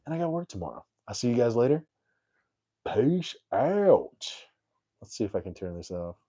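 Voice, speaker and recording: A man's voice: mid-range voice, big pitch swings, moderate pace, dark tone. A young adult man, a comedian, telling a story on his live stream in a rambling, self-deprecating way full of fillers.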